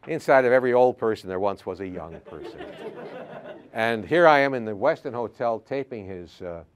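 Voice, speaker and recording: An older man, a history professor, telling anecdotes in a classroom lecture, halting with frequent fillers. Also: lowish voice, expressive.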